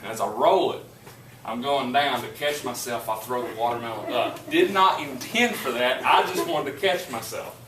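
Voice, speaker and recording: A male teacher, talking to a classroom and spinning a story with plenty of energy. He is picked up from across an echoey room, and the recording carries a steady background noise. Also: medium pitch, normal speed. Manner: animated storyteller, laughing while telling. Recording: echoey classroom from far off, noisy.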